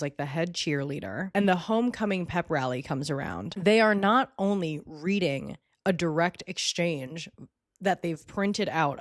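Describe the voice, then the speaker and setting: A woman's voice: low-pitched, no echo, clean studio sound. Exasperated young woman vlogger. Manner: animated, exasperated, sarcastic. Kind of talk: casual movie rewatch commentary.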